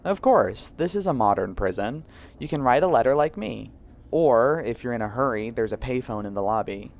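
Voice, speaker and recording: A man's voice: medium pitch, lively intonation, normal speed, vocal fry. A man voicing a friendly, talkative donkey inmate in a video game, eager and gushing. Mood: helpful. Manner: chatty, eager, lovestruck. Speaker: game character.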